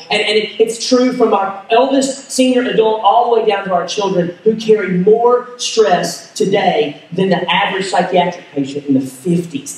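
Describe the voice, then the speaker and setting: A man's voice: sits high, a little mellow. A man preaching a sermon as pastor, telling a story with acted-out dialogue and self-deprecating humor. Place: church sanctuary. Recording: echoey hall, voice from far off.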